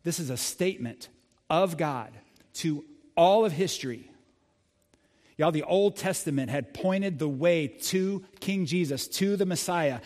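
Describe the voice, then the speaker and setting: A man preaching a sermon as pastor, animated and conversational, speaking directly to his congregation. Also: fairly high pitch, long reverb tail.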